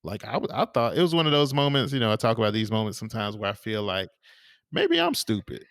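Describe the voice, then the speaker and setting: Man, low voice, dry close sound, casual podcast chat, rambling with fillers. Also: rapid-fire, dry recording. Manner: rambling storyteller with many fillers and restarts. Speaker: podcast co-host.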